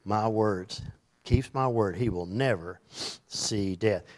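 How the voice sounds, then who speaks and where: A man's voice: lowish voice, takes it slowly, a little mellow. A man preaching a sermon in a conversational way, reading scripture aloud and acting out the voices in it. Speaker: pastor.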